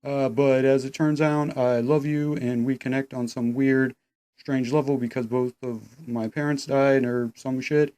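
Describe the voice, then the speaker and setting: A man's voice: medium pitch, steady tone, a little slow, mellow, close to an everyday voice. A man voicing a lovesick young male killer, awkward and pleading, in a mocking tone.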